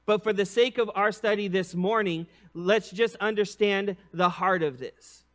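A male preacher with a high, bright-sounding voice delivers a sermon in a loose, conversational way. He grows animated on his points and goes soft and low when he reads scripture. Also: measured pace. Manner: animated, drops to a hushed tone for scripture; casual preacher asides. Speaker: pastor.

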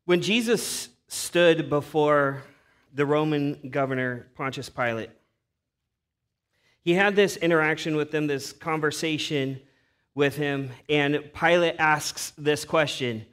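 A man's voice: on the high side, measured pace, fairly bright tone. A man preaching a sermon as pastor, earnest and emphatic.

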